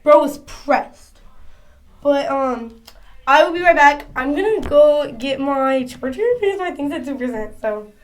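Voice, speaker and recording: A woman's voice: high-pitched, measured pace. A woman telling a casual storytime to her phone camera at home, chatty and full of slang. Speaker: vlogger.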